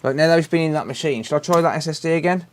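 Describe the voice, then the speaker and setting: A man's voice: on the high side, racing, slight background noise. A British man hosting a repair live stream, chatting casually and answering viewer messages while he works. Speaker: repair livestream host.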